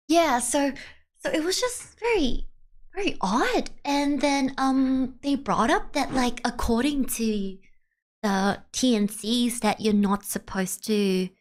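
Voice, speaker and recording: Chatty higher-voiced woman streamer. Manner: rambling, animated, full of "like" and restarts. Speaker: VTuber streamer. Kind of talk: casual storytelling to a stream chat.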